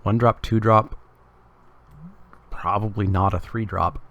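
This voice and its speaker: A man's voice: fairly low pitch, steady tone, takes it slowly, fairly bright tone, muffled recording. A Canadian man giving casual, wry live commentary as he plays a card game and jokes with his chat. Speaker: streamer.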